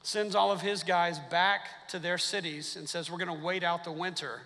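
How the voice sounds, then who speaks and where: A man preaching a sermon, telling stories and acting out the quotes in a jokey, animated way. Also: high-pitched, moderate pace, big-room sound. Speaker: pastor. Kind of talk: sermon with storytelling. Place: church sanctuary.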